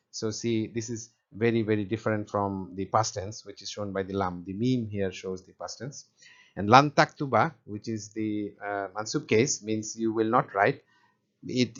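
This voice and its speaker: A man giving an informal grammar lesson, hesitant, with many fillers and restarts, often checking "right?". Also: fairly low pitch. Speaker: Arabic grammar teacher. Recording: dull lo-fi sound.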